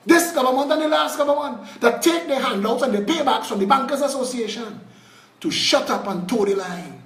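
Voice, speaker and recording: A Trinidadian man giving an impassioned political address on a live video, indignant and fiery, swinging between shouting and low muttering. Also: expressive, fairly quick, roomy sound, far from the mic. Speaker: political party leader.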